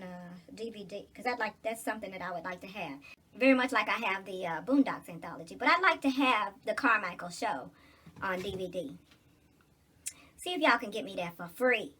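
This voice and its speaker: Bright, husky-voiced woman chatting casually. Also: mid-range voice. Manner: chatty, loose and joking, with slangy informal speech. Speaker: vlogger. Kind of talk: casual rambling vlog monologue.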